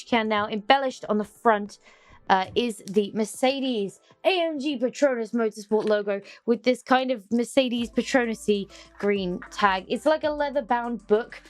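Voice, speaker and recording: A young woman, chatting excitedly through an unboxing and humming little tunes as she goes. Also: on the high side. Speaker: unboxing vlogger. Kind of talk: casual unboxing chat.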